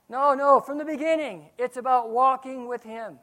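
A man, a pastor, preaching a sermon, swinging from quiet asides to loud outbursts. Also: very high voice, normal speed.

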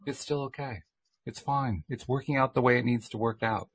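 A man's voice: mid-range voice, fairly even intonation, moderate pace, slightly rough. A man in reflective casual conversation, talking thoughtfully with frequent restarts.

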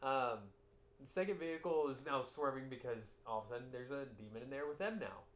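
A man's voice: medium pitch, a little fast. A young adult man narrating a tabletop game as game master, hesitant and full of fillers while he improvises. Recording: echoey room with faint hiss.

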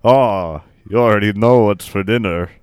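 A man voicing a smug French caterer in improvised podcast comedy, with a put-on French accent and theatrical, drawn-out exclamations. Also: lowish voice, a little mellow, clear, resonant tone, no echo, clean studio sound, lightly acted. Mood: pompous. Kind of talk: improvised comedy role-play.

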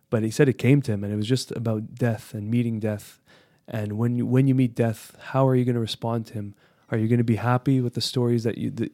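A man of middle pitch talks earnestly and reflectively on a podcast, laughing easily between thoughts. His voice sounds close and dry, without room echo. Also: warm tone. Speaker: podcast co-host. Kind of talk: casual podcast chat.

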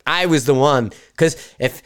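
A man hosting a podcast, talking in a casual, rambling monologue full of swearing and animated storytelling. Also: on the high side, unhurried, smooth. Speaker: podcast host. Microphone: live stream mic.

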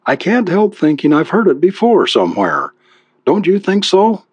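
A man voicing a fussy, doting older wife, warm and sighing, with a pleading, apologetic manner. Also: high-pitched, wildly swooping pitch, moderate pace, slightly rough, dry recording, dull audio, voice pushed up, exaggerated voice.

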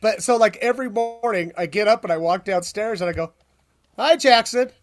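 A podcast host with a high voice speaks briskly over background music, telling rambling stories in casual chat. He's a filler-heavy storyteller who uses lots of ums and swears.

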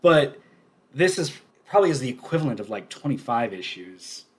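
A man talks casually as a podcast co-host. He is animated and often breaks into laughter. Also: mid-range voice, moderate pace, husky. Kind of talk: casual chat.

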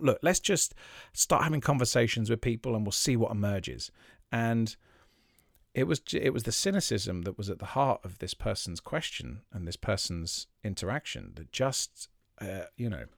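A man hosting his own podcast, talking reflectively and haltingly with many fillers and restarts. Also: lowish voice, creaky, dry recording, studio quality. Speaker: podcast host, magician. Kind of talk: reflective solo podcast talk.

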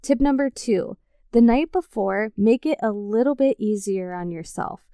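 Upbeat woman podcast host, mellow voice. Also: medium pitch, lively intonation, unhurried, clean tone, no echo, studio quality. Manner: upbeat, encouraging, speaks directly to listeners. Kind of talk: casual solo podcast talk.

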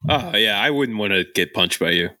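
Bright, lively man chatting and laughing. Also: lowish voice, normal speed, dry recording, clean studio sound. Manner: laughs often, rambling with many fillers. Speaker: podcast co-host. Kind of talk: casual chat.

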